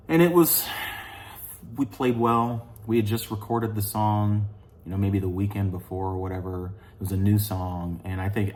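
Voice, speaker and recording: A man's voice: deep voice, darkish tone, a little hiss or hum. A man from St. Louis, Missouri, telling a long casual story about his band, rambling with many fillers, asides and the odd curse word. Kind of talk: casual spoken recollection.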